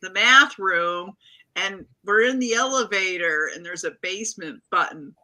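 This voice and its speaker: A woman co-hosting a casual podcast, telling a story in an animated, laughing way. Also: medium pitch, unhurried, poor audio. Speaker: podcast co-host.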